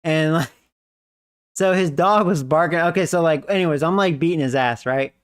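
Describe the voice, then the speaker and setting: A man's voice: fairly high pitch, normal speed, smooth. A man hosting a gaming video, telling a long story in a rambling, casual way with lots of fillers. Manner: rambling, many fillers, laughs often. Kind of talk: casual storytelling while playing.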